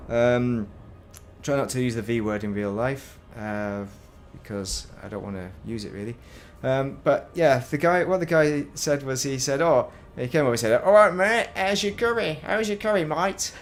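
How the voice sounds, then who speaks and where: A game streamer commentates casually while playing a space game, his voice on the low side with a little hiss or hum. He's chatty and rambling, frequently interrupting himself mid-sentence.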